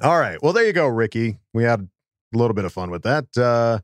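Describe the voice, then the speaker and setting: A man's voice: mid-range voice, sing-song, a little fast, no echo. A man hosting a casual sports podcast, laughing and rambling with many fillers. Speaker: podcast host.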